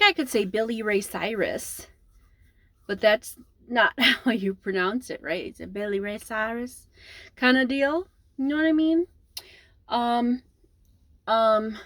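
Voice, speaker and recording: Slow, rambling Midwestern woman. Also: on the high side, fairly bright tone, dry recording. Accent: Midwestern American. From American Midwest. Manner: rambling, meandering, many ums and trailing pauses. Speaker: vlogger. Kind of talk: casual rambling vlog.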